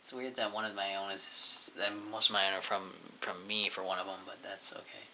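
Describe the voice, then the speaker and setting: A man's voice: low-pitched, level tone, fairly quick, pushed and bright, a little hiss or hum. A man casually rambling through a look back at his own channel, mumbling and swearing offhandedly as he goes. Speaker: YouTuber reviewing his channel.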